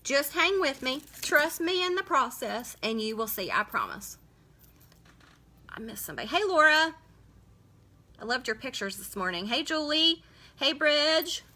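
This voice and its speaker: A woman's voice: high voice, animated, unhurried, long pauses, bright, forceful tone. Chatty woman hosting a live makeup tutorial. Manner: chatty, greets viewers by name while working. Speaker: makeup livestream host.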